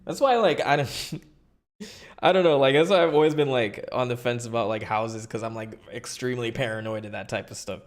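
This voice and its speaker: A man's voice: mid-range voice, brisk. Young man rambling casually on stream. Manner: rambling, filler-heavy, laughs often. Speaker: streamer host. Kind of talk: casual live-stream chat.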